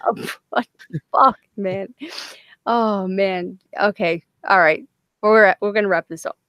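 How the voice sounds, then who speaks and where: A woman's voice: mid-range voice, slow, no room sound, lo-fi sound. A woman hosting a late-night livestream, tired and loopy, swearing freely, laughing often and rambling in casual chat. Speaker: livestream host.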